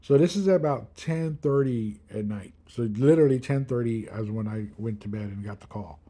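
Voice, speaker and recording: A man's voice: medium pitch, normal speed, dark tone. A man in his thirties casually telling a personal story, rambling with many fillers and acting out what others said. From Milwaukee area. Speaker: kidney transplant patient.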